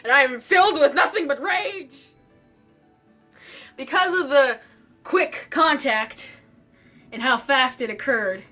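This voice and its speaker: In a high-pitched voice, a young woman vlogs a comic tale about herself, excitable and theatrical. She keeps raising her voice for effect.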